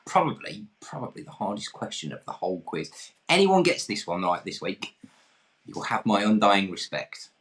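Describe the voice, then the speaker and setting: Low male quiz host with a sing-song, expressive delivery who pokes fun at himself. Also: moderate pace. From England. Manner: jokey and self-deprecating. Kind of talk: hosting an online pub quiz.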